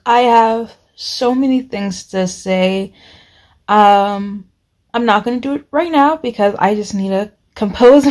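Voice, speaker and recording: A woman's voice: on the high side, darkish tone. A woman making a casual reading vlog, talking through a book in a rambling, emotional way with lots of fillers. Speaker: book vlogger.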